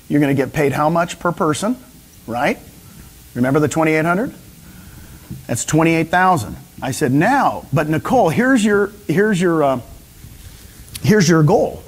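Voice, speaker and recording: A man giving an energetic motivational seminar talk to a live audience, often asking them questions. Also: a little high, husky. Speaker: speaker at a real estate training session.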